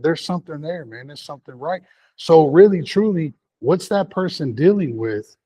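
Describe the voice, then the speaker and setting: A man's voice: a little high, darkish tone. A man speaking on a panel, giving earnest personal testimony about recovery and repeating key phrases for emphasis. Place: community meeting room.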